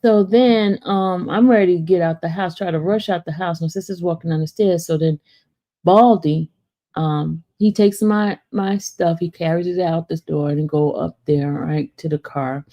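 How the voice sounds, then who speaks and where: A woman casually telling a personal story to her viewers, chatty and animated, often checking in with "right?" and talking straight to her audience. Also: fairly low pitch, normal speed.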